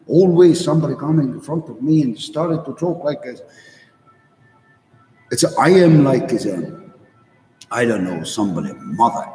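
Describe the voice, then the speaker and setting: A man giving a blunt, profane monologue in halting, broken English. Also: mid-range voice, a little mellow. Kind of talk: opinionated monologue. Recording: echoey hall, mic far off.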